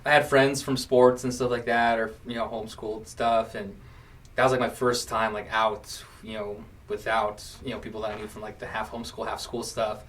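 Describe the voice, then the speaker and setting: A man's voice: on the low side, moderate pace, recorded from a distance. A man in his late twenties hosting a podcast, chatting casually and acting out quotes as he tells stories. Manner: animated storyteller, acts out quotes. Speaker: podcast host. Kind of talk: casual chat.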